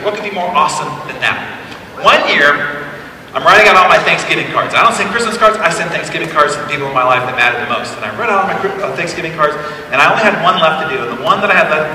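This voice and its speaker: A man in his forties giving a motivational keynote, telling stories in an animated, conversational way with emphatic asides. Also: a little high, fast, a little hiss or hum. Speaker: keynote speaker. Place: large event hall, live on stage. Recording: echoey hall taped from far off.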